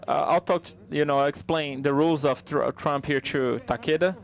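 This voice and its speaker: A man giving a live spoken interpretation of a stand-up comedy set, conversational and halting, with frequent restarts. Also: on the high side, vocal fry.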